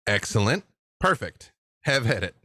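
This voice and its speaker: A man narrating a tabletop horror game as dungeon master, with measured, descriptive delivery. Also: mid-range voice, sing-song, sharp tone, no echo, clean studio sound.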